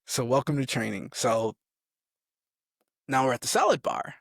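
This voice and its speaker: A man's voice: medium pitch, moderate pace, creaky, slightly rough, dry recording. A young man, a soldier, chatting casually and telling stories with lots of animation and laughter. His voice sits in a middle register, and the sound is close and dry. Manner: animated, laughing, acts out quotes. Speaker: army soldier, podcast guest. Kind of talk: casual storytelling chat.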